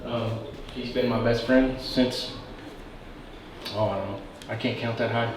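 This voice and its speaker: A man giving a best man's wedding toast, joking between halting pauses and fighting back tears. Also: mid-range voice, fairly even intonation. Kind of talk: emotional wedding speech. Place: wedding reception room. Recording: very echoey room, distant mic, noisy.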